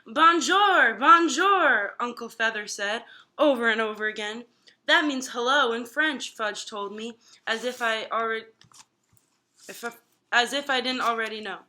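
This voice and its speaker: A woman reading a children's chapter book aloud, giving the characters lively voices. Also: fairly high pitch, moderate pace. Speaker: guest reader.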